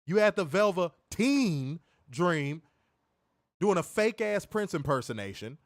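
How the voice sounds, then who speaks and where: A man's voice: sits high, very animated, slow, no room sound, clean studio sound. A man hosting a wrestling review stream, ranting in a profane, mocking, emphatic way. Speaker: wrestling show host. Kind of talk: casual profane rant on a livestream.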